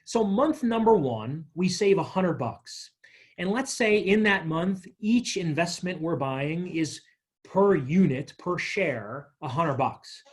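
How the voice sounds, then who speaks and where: A man with a slightly husky, fairly high voice leads a money workshop. He talks in a lively, conversational way, walking through workbook examples and telling small stories to make each point. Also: slow pace. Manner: energetic, chatty, tells stories with acted quotes. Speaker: financial literacy workshop presenter.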